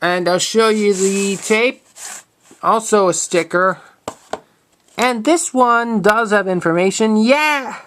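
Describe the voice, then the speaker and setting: A man in his twenties showing items from his collection in a casual vlog, talking in a halting, matter-of-fact way and often restarting words. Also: sits high, fairly bright tone. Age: 20s. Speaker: video collector showing tapes. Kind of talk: casual show-and-tell vlog.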